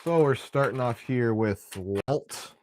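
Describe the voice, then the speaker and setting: Man, young adult, live stream host, casual rambling chat, throat clearing, mid-pitched voice. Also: takes it slowly, slight background noise.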